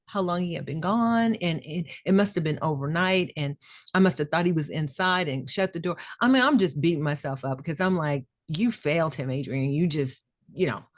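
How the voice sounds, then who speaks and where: Lower-pitched woman telling an animated personal story. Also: brisk, no room sound, studio quality. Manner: animated, emotional storyteller who acts out quoted voices. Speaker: podcast co-host.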